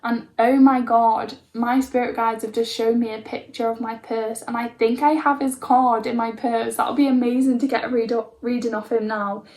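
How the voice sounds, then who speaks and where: A woman's voice: a little high, fairly even intonation, normal speed, hardly any pauses, a little mellow. A young woman casually telling her own life story to camera, rambling with lots of likes and ums.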